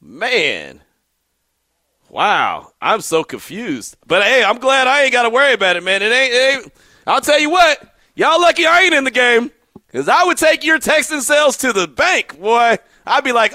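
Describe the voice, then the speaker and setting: A middle-aged man hosting a radio show, teasing and animated in casual banter, laughing often. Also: extremely high pitch, slow, pauses often, no room sound, studio quality.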